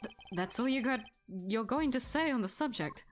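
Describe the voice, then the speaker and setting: A composed male prosecutor questions a witness, as a woman reads his lines. His delivery is measured and formal. Soft music hums in the background. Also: fairly high pitch, animated, close to an everyday voice.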